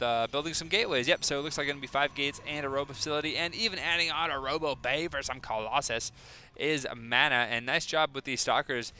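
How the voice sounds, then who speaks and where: A man's voice: medium pitch, sharp tone, smooth. A man casting a strategy video game in a casual, chatty way, with joking, self-deprecating asides. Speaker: game caster. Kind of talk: casual esports commentary.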